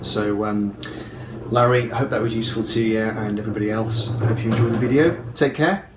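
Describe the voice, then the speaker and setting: A man's voice: on the low side, a little fast. A man giving a casual, methodical pronunciation lesson to camera, repeating example words with hard emphasis. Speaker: video creator explaining pronunciation. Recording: echoey room with faint background hum.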